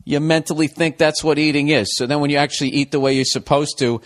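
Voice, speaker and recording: A man's voice: a little high, fairly even intonation, quick pace. Profane, rambling man venting. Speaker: podcast host. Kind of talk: casual comedic monologue.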